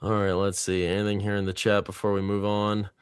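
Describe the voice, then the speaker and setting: A man's voice: lowish voice, completely flat delivery, a little fast, clean tone, no echo, clean studio sound. A man hosting a casual panel chat, rambling a bit, chuckling often and reading out viewer comments. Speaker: panel host.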